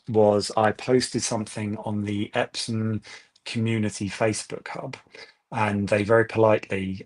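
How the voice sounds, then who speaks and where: Guest estate agent, chatty storyteller; low voice that stays fairly flat. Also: male voice. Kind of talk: webinar interview answers.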